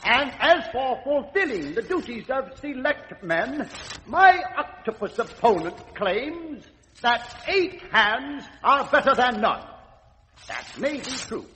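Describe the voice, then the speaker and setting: Smug orator fish, high and bright, reverberant. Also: male voice, sing-song, takes it slowly, slight background noise, exaggerated voice. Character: smug male fish politician giving speech. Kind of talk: 1940s radio acting.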